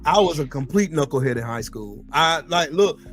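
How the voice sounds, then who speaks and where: High, animated male veteran storyteller. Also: normal speed, soft background music. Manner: animated, profane, laughing storyteller. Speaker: podcast host, military veteran. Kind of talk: casual storytelling chat.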